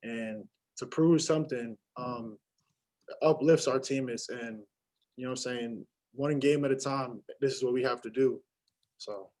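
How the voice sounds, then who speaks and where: A young man, a college basketball player, answering postgame press questions in a halting way with many fillers and restarts. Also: medium pitch, a little mellow, low-quality recording. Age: young adult.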